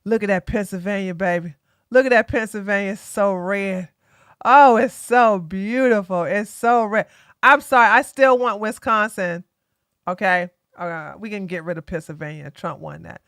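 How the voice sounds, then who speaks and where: Excitable, mocking woman streamer. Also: medium pitch, moderate pace, no room sound, clean studio sound. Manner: excitable, mocking, laughs loudly. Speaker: live stream host. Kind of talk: casual live-stream commentary.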